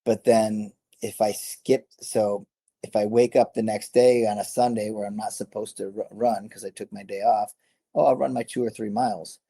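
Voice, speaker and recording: A middle-aged man, a former fighter, tells stories in a loose, rambling way, often correcting himself and laughing. His voice sits low and sounds husky. His tone stays dark and mellow. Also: steady tone, normal speed. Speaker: guest, former MMA fighter. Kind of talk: casual storytelling interview.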